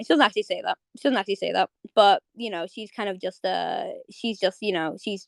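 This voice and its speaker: A woman's voice: medium pitch, normal speed, gravelly, no echo. A young woman hosting a live audio chat, rambling with many restarts as she recaps a favorite cartoon episode. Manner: rambling, fillers and restarts, excitable. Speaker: host. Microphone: streaming audio mic.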